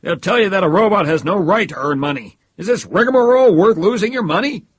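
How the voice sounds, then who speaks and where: A man doing a gruff, gravelly older father. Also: mid-range voice, animated, a little fast, a bit bright, pitched above the performer's own voice. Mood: angry. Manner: gruff, indignant. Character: stern older father, proud and quick-tempered. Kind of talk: audiobook reading.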